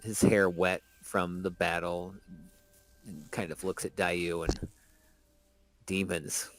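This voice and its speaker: A man's voice: sits low, level tone, a little slow, long pauses. A man narrating his character in a tabletop game, casually with fillers. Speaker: player. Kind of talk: tabletop role-play narration.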